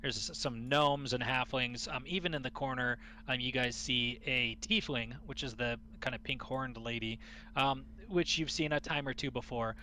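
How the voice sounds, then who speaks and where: A man narrating a tabletop game as game master, halting and full of restarts. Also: mid-range voice, bright, forceful tone.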